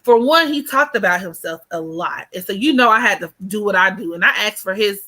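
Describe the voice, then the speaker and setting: Young woman vlogger with a bright, forward voice, gabby storytime energy. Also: mid-range voice, fairly quick. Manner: chatty and animated, heavy on fillers, addresses viewers as y'all. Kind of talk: casual storytime chat.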